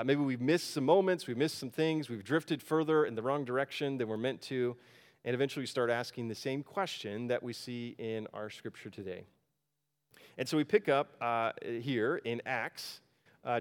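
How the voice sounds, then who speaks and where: A pastor telling a personal story in a casual, folksy sermon, with frequent fillers. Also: male voice, mid-range voice.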